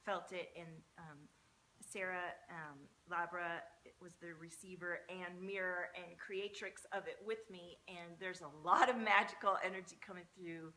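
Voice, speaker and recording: Bright-voiced lady doing live tarot readings, gushy spiritual chat, muffled echoey room. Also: on the low side, fairly even intonation, unhurried, slight background noise. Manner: breathy, effusive, spiritual talk. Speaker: tarot reader hosting a live stream. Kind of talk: casual live-stream chat. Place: large room with very high ceilings.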